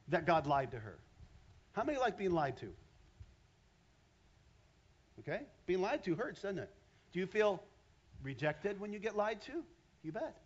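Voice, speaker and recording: An animated male preacher with a husky voice that rises and falls widely as he addresses the congregation. The sermon is captured with a dull, lo-fi sound. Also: a little high, moderate pace, long pauses. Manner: animated, talks straight to the congregation. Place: church.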